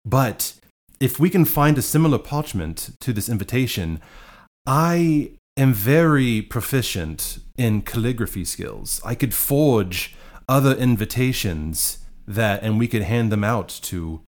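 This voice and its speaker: Animated joking man at a game table. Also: mid-range voice, a little slow. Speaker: player. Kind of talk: in-character tabletop play.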